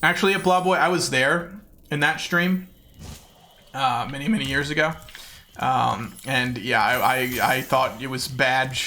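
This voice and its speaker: A game streamer with a mid-range, steady, slightly slow voice and a sharp tone chats casually with viewers while playing. He jokes around, mocks himself, and talks directly to chat.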